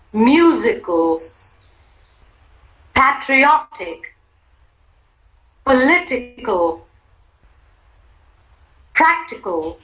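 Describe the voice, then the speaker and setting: A woman reading single words one at a time for learners to repeat, with careful, deliberate enunciation. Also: fairly high pitch, fairly bright tone, low-quality recording. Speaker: pronunciation model speaker. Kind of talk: reading isolated words for a drill.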